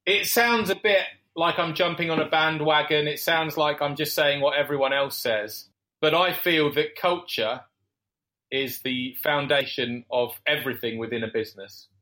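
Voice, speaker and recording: A man's voice: on the high side, normal speed, bright, forceful tone. A man speaking as a business founder guest on a podcast, talking reflectively with fillers and self-corrections. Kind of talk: conversational interview answers.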